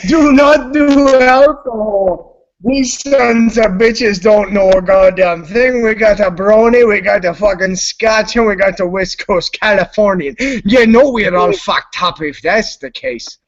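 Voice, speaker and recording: A man's voice: high voice, unhurried. An intoxicated man hosting a live stream, rambling loosely and swearing constantly. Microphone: computer mic on a live stream. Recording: lo-fi online stream audio.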